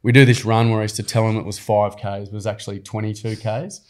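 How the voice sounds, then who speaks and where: A man's voice: fairly low pitch, fast. A young adult Australian man, a podcast guest, telling stories in casual, slangy, earnest chat. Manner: earnest, slangy, animated storytelling. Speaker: podcast guest, program founder. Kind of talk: casual storytelling.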